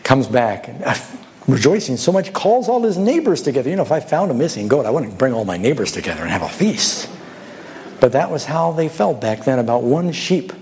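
A man's voice: medium pitch, very animated, fairly quick, darkish tone, slight background noise. Storytelling preacher man, rhetorical questions. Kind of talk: sermon.

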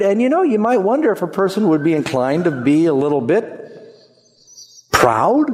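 A man preaching a sermon in an animated, conversational way, jumping up in pitch for emphasis. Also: in a large hall.

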